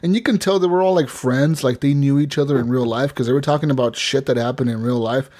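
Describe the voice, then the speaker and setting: A man from Oregon co-hosting a gaming podcast, talking in an excitable, profane way and laughing often. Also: medium pitch, fast talker. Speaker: podcast co-host. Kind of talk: casual gaming chat.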